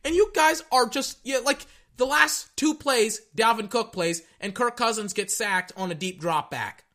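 A young man giving casual, rambling reaction commentary on a football game, excitable and tripping over his words. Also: very high voice, a little slow. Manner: excitable, rambling, stutters and repeats himself.

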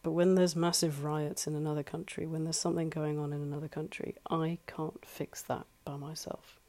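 The voice has a medium pitch and a flat, mellow delivery at normal speed. It belongs to a life coach at home in a flat, giving earnest advice solo in a conversational way and repeating points for emphasis.

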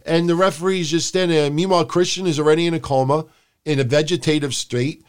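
A man co-hosting a wrestling podcast, recapping the show in casual, profane chat and shouting out quotes in a high voice. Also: quick pace, clean tone. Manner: animated, profane, mimics people in loud high shouts. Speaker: podcast co-host.

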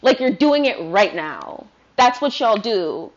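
This Virginia woman hosts her podcast from home, delivering a meandering monologue heavy on curse words. Her mid-range voice swings widely in pitch and moves slowly, with the high frequencies cut off.

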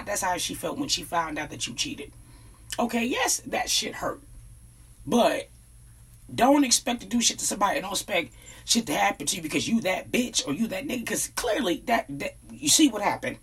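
Blunt woman ranting with husky voice. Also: medium pitch. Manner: blunt, profane, emphatic. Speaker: vlogger giving opinions. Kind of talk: casual commentary rant.

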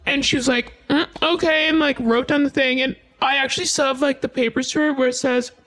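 A woman's voice: high-pitched, steady tone, quick pace, fairly bright tone. A woman telling a personal story in a casual, rambling way, full of "like" and frequent swearing.

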